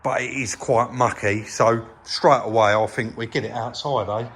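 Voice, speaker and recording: A man's voice: mid-range voice, steady tone, moderate pace, fairly bright tone, slight background noise. An English man hosting a repair vlog, chatting casually as he points out details in his workshop. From England. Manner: chatty, explains while pointing things out. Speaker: vehicle repair channel host. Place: vehicle workshop, indoors.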